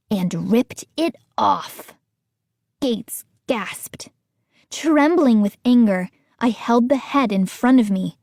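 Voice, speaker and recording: Slow, dry-voiced woman narrating an audiobook. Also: on the high side, a little mellow, no room sound. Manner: measured, storytelling.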